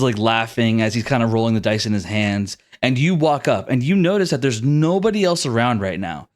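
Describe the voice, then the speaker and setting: A man's voice: mid-range voice, lively intonation, brisk, few pauses. A man narrating a tabletop game as game master, with easygoing, descriptive storytelling.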